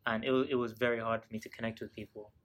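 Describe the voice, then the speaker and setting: A man's voice: mid-range voice, little pitch movement, racing, slight background noise. A young man co-hosting a casual chat, talking in a rambling way with many fillers and restarts. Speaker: podcast co-host.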